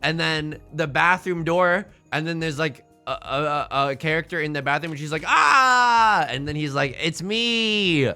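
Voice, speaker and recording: A man's voice: fairly high pitch, steady tone, moderate pace, hardly any pauses, pushed and bright, soft background music. A young man streaming a mahjong game, rambling and joking in casual asides to his chat. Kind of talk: casual live-stream chatter while playing mahjong.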